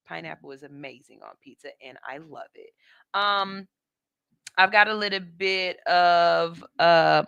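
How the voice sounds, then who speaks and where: A woman's voice: sits low, a bit bright, smooth, dry recording, studio quality. A middle-aged woman, hosting a radio show and chatting loosely, laughing and using slang as she reads listener comments. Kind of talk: casual chat reading viewer comments. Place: radio studio.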